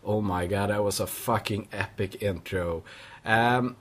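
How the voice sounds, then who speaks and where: A man hosting a casual interview, excitable, swearing and stumbling over his questions. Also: fairly low pitch, unhurried. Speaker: podcast host.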